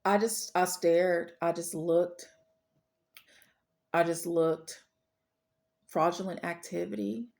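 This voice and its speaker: A woman's voice: on the low side, flat delivery, takes it slowly, pauses often, darkish tone. A woman sharing a personal faith testimony in an earnest, storytelling way, repeating phrases for weight. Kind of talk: personal testimony, casual preaching.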